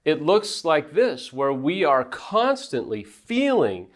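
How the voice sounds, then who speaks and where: A man's voice: fairly high pitch, wildly swooping pitch, slow pace. A man coaching couples in affair recovery, speaking directly to viewers in an earnest, emphatic way with self-deprecating asides. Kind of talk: direct advice talk to viewers.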